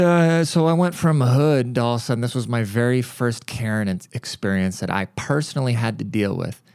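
A man's voice: on the low side, gravelly, darkish tone, no room sound, clean studio sound. A man hosting his own podcast, telling stories in a blunt, profane, ranting monologue. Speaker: podcast host.

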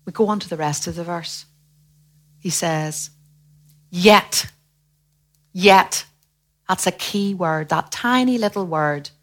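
A woman preaching a sermon in a lively way, acting out the voices of the people she quotes. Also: lowish voice, normal speed. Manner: animated, acts out quoted voices.

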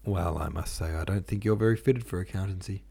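A man's voice: sits low, a little fast, creaky, warm tone, slightly rough, exaggerated voice. A man reading as a fussy little clerk. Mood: disapproving. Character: funny little middle-aged managing clerk, disapproving.

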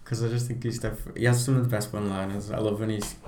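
Guy gushing about a movie, fairly low voice, roomy sound. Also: level tone, quick pace, darkish tone. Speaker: podcast co-host. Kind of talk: casual film review chat.

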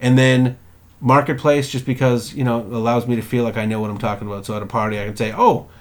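Profane, animated young man chatting. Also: mid-range voice, quick pace. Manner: profane, animated storytelling with put-on quotes. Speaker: podcast co-host. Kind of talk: casual chat.

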